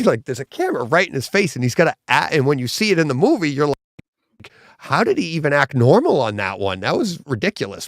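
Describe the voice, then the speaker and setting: A man's voice: medium pitch, a bit bright, no echo, studio quality. A man co-hosting a live podcast, in casual chat, retelling things with rambling enthusiasm and many restarts. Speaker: podcast co-host.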